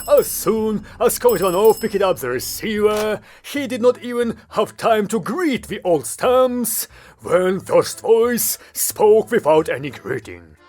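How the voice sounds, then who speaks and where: A man's voice: sits high, animated, measured pace, darkish tone. A man narrating a comic audiobook in a wry storytelling manner over faint music.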